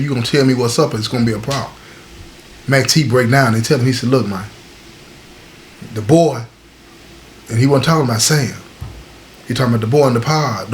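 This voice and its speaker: A man telling a prison story in casual slang, switching his pitch up and down as he voices the other men. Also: slight background noise. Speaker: storyteller host.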